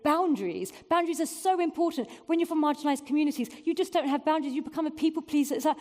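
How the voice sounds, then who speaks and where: A woman's voice: high voice, quick pace, few pauses, a little mellow, in a large hall. A woman in her forties giving a candid, self-mocking conference talk with frequent fillers. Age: 40s. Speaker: keynote speaker. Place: event venue before an audience.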